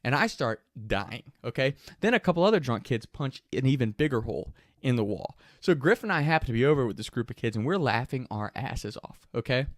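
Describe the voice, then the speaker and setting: A man casually telling a story, animated and profane, often laughing as he talks. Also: medium pitch, brisk, hardly any pauses, no echo, studio quality.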